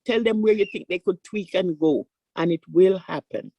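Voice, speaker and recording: An older woman, a surgeon, speaking on a conference panel and telling stories with animated voices for the people in them. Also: lowish voice, normal speed, gravelly, no room sound, muffled recording. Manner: animated storytelling, acting out voices in quotes.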